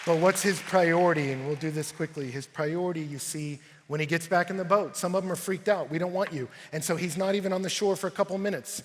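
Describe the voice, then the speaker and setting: A man preaching a sermon at a youth camp, telling stories with animated energy that rises to shouts. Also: on the high side, quick pace, hardly any pauses, some chatter behind, a little hiss or hum. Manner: animated storytelling, rising to shouts. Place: large arena at a youth camp. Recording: long arena reverb.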